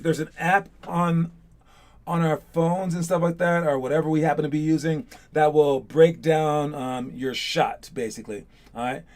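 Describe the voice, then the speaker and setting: A man coaching basketball students, talking in a chatty, energetic and motivational way and checking in with "all right?". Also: fairly high pitch. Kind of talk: casual motivational talk to students.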